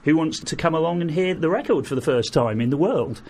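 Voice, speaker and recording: A middle-aged man, a guest, telling lively anecdotes and acting out the people in them. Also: a little high, brisk, slight background noise. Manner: animated anecdotes, acts out quoted voices, laughs through. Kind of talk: storytelling in an interview.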